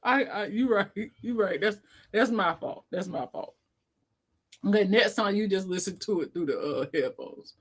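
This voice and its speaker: A woman's voice: mid-range voice, lively intonation, normal speed, breathy edge. A woman hosting a casual livestream chat, laughing constantly and reading viewer comments aloud. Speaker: livestream host.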